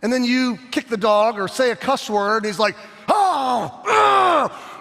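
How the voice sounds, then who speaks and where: High-voiced preacher guy, lively, acts stuff out, big reverby church sound. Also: brisk. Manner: animated preaching, acts out scenes, shifts loud and soft. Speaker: pastor. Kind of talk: sermon. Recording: long hall reverb.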